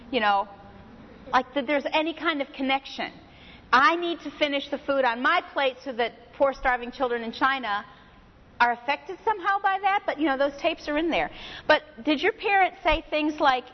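A woman with a fairly high voice gives a talk in a conversational, storytelling manner, slipping in casual fillers as she goes. Her voice rings out with a long reverb, as in a large hall. The recording sounds dull and lo-fi. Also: expressive, moderate pace. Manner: conversational storyteller, uses "you know". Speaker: session speaker. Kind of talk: spoken talk with anecdote.

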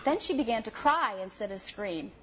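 A woman preaching a sermon and reading a story aloud with expressive, lively storytelling. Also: a little high, moderate pace, noisy background. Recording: slightly dull audio with faint ambience.

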